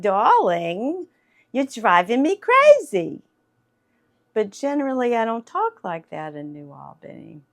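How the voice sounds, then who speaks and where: Slow, gravelly older woman. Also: lowish voice. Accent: light Southern US. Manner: chatty, unhurried, laughs often. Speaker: actress and voiceover artist giving a talk. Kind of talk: storytelling talk to an audience.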